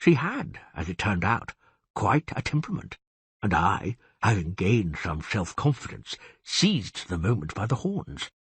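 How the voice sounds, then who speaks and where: A man reading the part of a genial, boastful cursed beast-man with a husky voice, chatting wryly in an audiobook. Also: lowish voice, very animated, a little slow, fairly bright tone, no echo, full character voice. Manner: chatty, confiding, wry.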